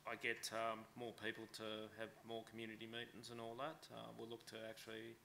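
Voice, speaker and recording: A man presenting at a conference in a relaxed way, with lots of fillers. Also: fairly low pitch, fairly quick, vocal fry, slight background noise. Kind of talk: casual conference talk.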